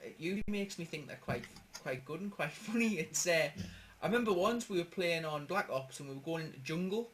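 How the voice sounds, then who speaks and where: A man's voice: fairly high pitch, expressive, fairly quick, a bit bright, slight background noise. A man with a Geordie accent hosting a casual gaming chat, chatty and laughing, with some swearing. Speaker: gaming channel host. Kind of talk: casual banter podcast.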